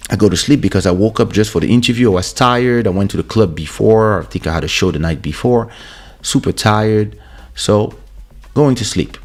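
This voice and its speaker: Male host, very low voice, laid-back anecdotal delivery with stammered restarts, podcast mic. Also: moderate pace, faint music behind. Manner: relaxed anecdotal, stammering repeats. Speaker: host and musician. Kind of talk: casual storytelling. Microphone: studio podcast microphone.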